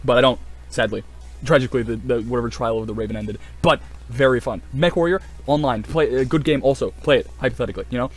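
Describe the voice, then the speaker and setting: A young man rambling excitedly in casual video commentary, swearing a lot and full of fillers. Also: medium pitch, fast talker. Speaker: video creator.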